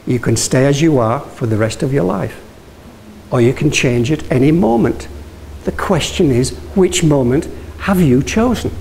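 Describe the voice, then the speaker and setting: A man's voice: medium pitch, expressive, moderate pace, vocal fry, darkish tone, slight background noise, rough recording. A man from Yorkshire giving a motivational talk, telling stories and asking the audience questions, with frequent restarts. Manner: anecdotal, engages audience with questions; restarts and self-corrections. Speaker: guest speaker.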